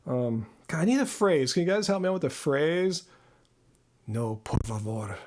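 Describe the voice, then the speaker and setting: A man's voice: high voice, expressive, brisk, darkish tone. A man hosting a live Q&A on his channel, rambling and self-deprecating with lots of fillers, talking into a close mic. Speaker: channel host. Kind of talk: live Q&A chat. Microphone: close studio mic.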